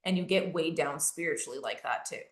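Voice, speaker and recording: A woman's voice: low-pitched, a little fast. A woman in a casual faith podcast chat, speaking earnestly to listeners with frequent fillers. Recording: roomy echo.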